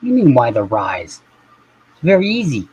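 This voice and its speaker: A man's voice: mid-range voice, wildly swooping pitch, a little fast, darkish tone, breathy edge, rough recording. A man chatting casually on a live stream, rambling and swearing offhand as he reacts to things.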